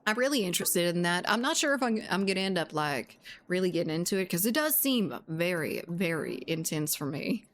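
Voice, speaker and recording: A woman's voice: lowish voice, very animated, fairly quick, few pauses, a bit bright, a little hiss or hum. A woman game streamer in casual live-stream chat, laughing often, swearing freely and answering her viewers.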